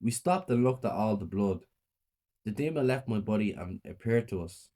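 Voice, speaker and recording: A man narrating a first-person horror story in a plain, flat reading. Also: on the low side, normal speed.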